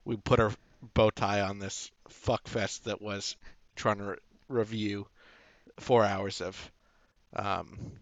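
A man co-hosting a casual movie review podcast, talking in an easygoing, halting way. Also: on the low side, steady tone, dry recording, dull audio. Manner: easygoing, halting, laughs along. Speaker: podcast co-host.

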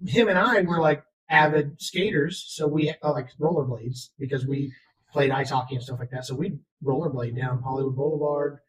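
A man's voice: a little high, moderate pace, poor audio. A man co-hosting a podcast, telling rambling, self-deprecating stories in casual chat. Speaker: podcast co-host.

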